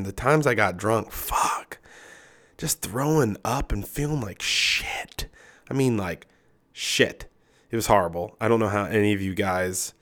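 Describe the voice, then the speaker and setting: A man's voice: on the low side, smooth. A man hosting a podcast, telling loose personal stories in casual chat, swearing often and full of fillers. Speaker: podcast host. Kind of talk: casual rambling storytelling.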